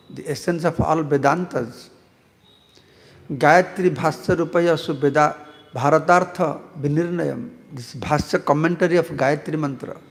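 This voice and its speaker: Monk lecturing in a reverberant hall. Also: male voice, a little high. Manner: storytelling, asks the audience questions, chants verses. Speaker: monk teaching a scripture class. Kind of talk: scripture class lecture. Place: temple hall.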